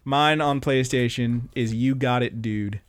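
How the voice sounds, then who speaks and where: In a clean mid-range voice at a measured pace, a young male co-host recaps anime episodes for a podcast. He rambles in a laid-back, profane way and quotes characters with animated voices.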